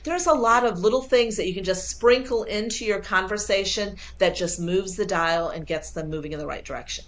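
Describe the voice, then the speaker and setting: A woman sales coach being interviewed over a video call, talking with lively enthusiasm and acting out quoted dialogue. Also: mid-range voice, brisk, slight background noise. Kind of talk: casual interview.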